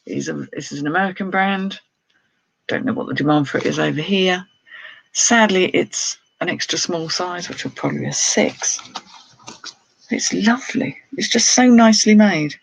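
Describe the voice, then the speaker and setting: A woman's voice: on the low side, moderate pace, gravelly, slightly rough, dry recording, low-quality recording. A woman who resells clothes, chatting casually on a live stream, laughing often and reading out viewer comments. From United Kingdom. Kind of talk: casual live-stream chat while showing items.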